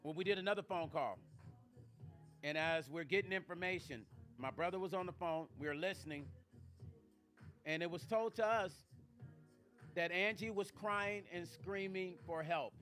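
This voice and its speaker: Soft music plays behind a middle-aged vlog host who talks to his live-stream viewers at a normal speed, pausing often, in a high and slightly bright voice. He's on the verge of tears, emphatic, speaks to them directly, and swears.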